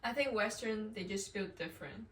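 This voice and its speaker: A woman's voice: mid-range voice, a little fast, recorded from a distance. A young woman, a student, chatting casually and telling stories with lots of giggles, in an echoey room away from the mic. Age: young adult. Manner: giggly, animated storytelling. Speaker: student vlogger. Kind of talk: casual chat.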